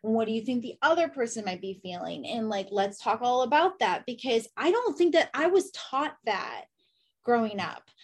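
Reflective woman with a slightly high voice. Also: animated, normal speed. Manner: reflective, asks herself questions aloud. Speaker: podcast guest. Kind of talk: casual conversation.

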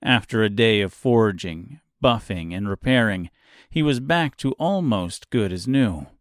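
With a voice on the low side, a man tells an audiobook story at a measured, even pace, captured in a dry, clean studio recording.

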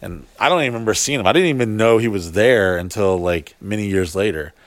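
Speaking quickly in a lowish voice with lively intonation, this podcast guest, a man in his thirties, rambles through a long party story in casual conversation. He swears heavily and leans on "like"; there's no room sound.

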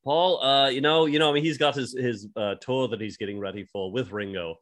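A man playing an elderly John Lennon with a Liverpool accent, deadpan and rambling as a podcast host. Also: medium pitch, fairly quick, natural voice. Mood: wry. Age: 70s. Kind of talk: improvised comedy podcast impression.

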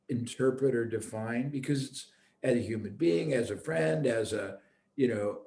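A man's voice: a little high, vocal fry, mellow, echoey room. A man hosting a reflective conversation, thinking aloud and circling back as he searches for the right words. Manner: thoughtful, restarts, searching for words.

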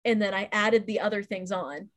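A woman's voice: mid-range voice, normal speed. A woman hosting a casual chat and telling a work story, acting out the quoted lines. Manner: chatty storyteller, acts out quoted dialogue. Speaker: podcast host.

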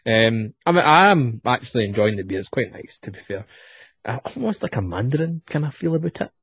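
Husky Scottish man, rambling host. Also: medium pitch, sing-song, fairly quick, a bit bright, no echo. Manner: rambling, jokey, with lots of fillers. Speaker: podcast host. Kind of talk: casual chat, beer tasting.

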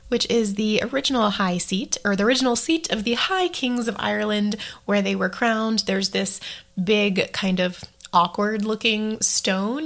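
A woman's voice: mid-range voice, vocal fry, fairly bright tone. Chatty woman giving travel tips. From United States. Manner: chatty, laughs often, self-deprecating asides. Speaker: travel vlogger. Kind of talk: casual travel advice vlog.

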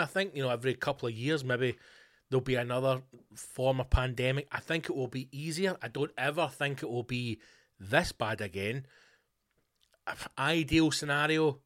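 Scottish male host, middle-aged, loose sweary monologue. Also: mid-range voice. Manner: rambling, sweary, animated. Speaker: podcast host. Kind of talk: casual monologue.

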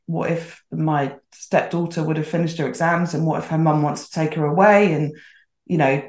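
A woman's voice: low voice, a little mellow. A middle-aged woman telling a story casually as a podcast guest, chatty and acting out the voices she quotes. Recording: roomy echoey sound.

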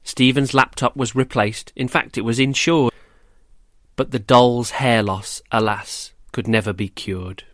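A man reading a rhyming children's story aloud, gentle and measured, then quizzing children about it. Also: medium pitch, fairly even intonation, dry recording, studio quality. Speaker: storyteller and host.

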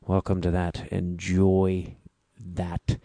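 A man with a Chicago accent hosting his own podcast, speaking in a halting, reflective way with frequent restarts. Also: low voice, monotone, mellow, no room sound. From Midwestern United States. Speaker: podcast host. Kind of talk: casual solo podcast intro.

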